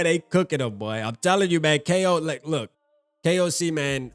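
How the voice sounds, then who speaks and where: A man's voice: on the high side, animated, normal speed, no echo, soft background music. A young man talking casually and with feeling as the host of a fan video, reading out viewer comments. He repeats himself and drops "man" and "bro" through his talk.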